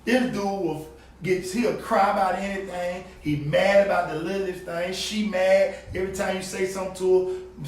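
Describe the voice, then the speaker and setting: A man preaching on the street, fiery and emphatic, swinging between loud and low. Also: steady tone, normal speed. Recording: echoey, distant outdoor recording with faint background noise.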